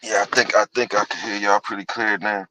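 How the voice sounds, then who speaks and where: A man's voice: lowish voice, little pitch movement, brisk, background noise. A man calling in by phone from a car on the road, talking hurriedly and stammering a little. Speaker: caller. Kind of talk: casual call-in chat. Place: in a vehicle by the road. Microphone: phone on a call.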